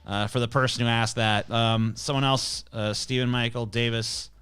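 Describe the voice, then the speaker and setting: A man's voice: medium pitch, fairly even intonation, normal speed, fairly bright tone, clean tone, soft background music. A male host giving blunt, profane, scornful ranting commentary while reacting to clips and viewer questions.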